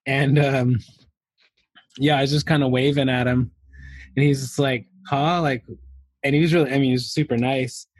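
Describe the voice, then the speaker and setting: A man's voice: medium pitch, flat delivery, normal speed, pauses often, dry recording. A man telling a rambling story to a podcast host, laughing often and leaning on fillers. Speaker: podcast guest. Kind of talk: casual anecdote telling.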